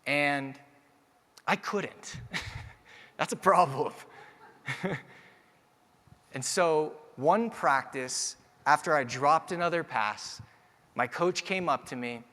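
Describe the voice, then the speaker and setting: Young male keynote speaker, storytelling style that builds to energetic audience address, slightly high voice, reverberant hall. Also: slow pace, long pauses.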